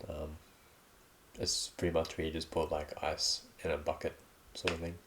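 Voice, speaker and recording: A man's voice: very deep voice, level tone, normal speed, fairly bright tone, a little hiss or hum. A young Australian man hosting a casual solo podcast, reading out slang with offhand, sweary remarks and the odd laugh. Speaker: podcast host.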